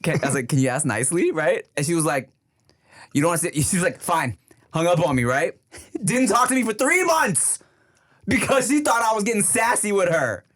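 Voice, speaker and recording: Lively slangy man. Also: sits high, brisk. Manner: laid-back, slangy, calls people dog. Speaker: podcast co-host. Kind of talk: casual podcast chat.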